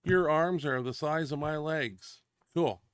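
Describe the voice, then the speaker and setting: A man's voice: fairly high pitch, takes it slowly, clean tone, dry recording. A man hosting a powerlifting show, bantering casually with dry, teasing humor.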